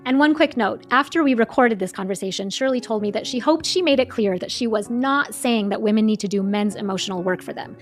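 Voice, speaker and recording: A woman speaking in a calm, measured and earnest way, reading a prepared monologue as a podcast host. Her voice sits a little high, and faint music plays softly beneath her. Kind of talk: scripted monologue.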